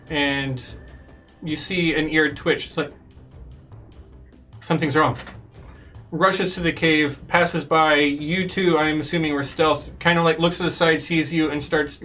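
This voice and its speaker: Male game master, bright, slightly high, loose narration, mic a bit far off, faint music. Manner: loose, filler-heavy narration.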